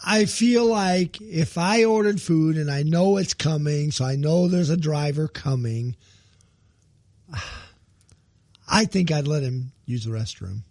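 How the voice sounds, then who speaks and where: Male co-host, slightly high voice with a lively range, dry close recording, wry one-liners. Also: takes it slowly, no room sound. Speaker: podcast co-host. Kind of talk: casual comedy chat.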